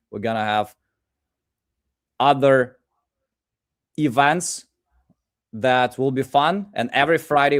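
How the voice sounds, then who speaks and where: Man, livestream host, upbeat, hype-building, lots of fillers, computer mic. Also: medium pitch. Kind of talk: casual livestream chat.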